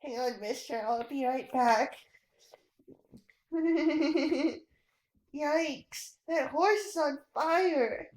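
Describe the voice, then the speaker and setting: Woman playing a stubborn young boy, high voice, blunt, urgent, very slow, echoey room. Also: a little mellow.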